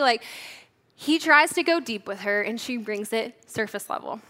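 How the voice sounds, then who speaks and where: Bright-voiced woman preaching casually. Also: fairly high pitch, a little slow. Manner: casual, chatty, says "like" often. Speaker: church leader preaching. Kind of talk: conversational sermon.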